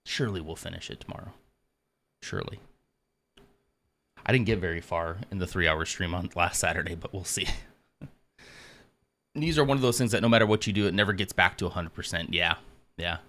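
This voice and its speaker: A man's voice: sits low, expressive, brisk, a bit bright, slight background noise. A man hosting a casual live stream, chatting with viewers and out of breath from exercise. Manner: chatty, self-mocking, greets viewers by name. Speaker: livestream host.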